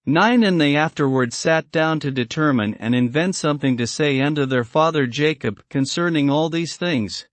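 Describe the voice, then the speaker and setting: A man's voice: on the high side, normal speed, hardly any pauses, no echo. Solemn man reading old scripture. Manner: solemn archaic reading, numbering verses aloud. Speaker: narrator.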